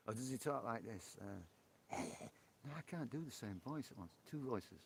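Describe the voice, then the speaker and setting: A man's voice: mid-range voice, animated, measured pace, long pauses, breathy edge. A man hosting a live stream on a porch, chatting casually with viewers, joking and laughing often. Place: outdoor porch.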